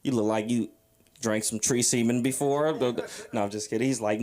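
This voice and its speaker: A man's voice: mid-range voice, normal speed. A drunk man doing a crude, rambling open mic stand-up set on a comedy club stage, roasting the crowd. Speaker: stand-up comic.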